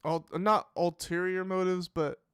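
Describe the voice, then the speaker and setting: A man's voice: high-pitched, fairly even intonation, unhurried, fairly bright tone, clean tone, no echo, studio quality. A man hosting a live reaction show, thinking aloud in casual commentary with many fillers and restarts. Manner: musing, hesitant, full of fillers and restarts.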